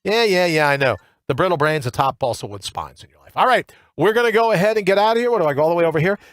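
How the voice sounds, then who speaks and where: A man hosting a morning talk show in a studio, ranting in an animated, colloquial monologue full of asides. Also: a little high, racing, no echo. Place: radio studio. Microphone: studio microphone with earpiece.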